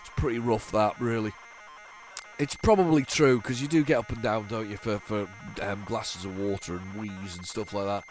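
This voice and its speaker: A weary middle-aged man hosts a retro gaming channel, chatting casually as games load, his voice lowish and his pace normal over soft background music. He rambles and jokes, restarting sentences constantly, tossing in sarcastic asides, and yawning from tiredness.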